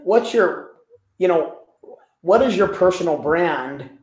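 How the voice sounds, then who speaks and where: High-voiced man telling stories animatedly. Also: slow pace. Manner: animated, repeats words as he talks. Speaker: guest. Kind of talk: storytelling in a business interview. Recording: echoey room.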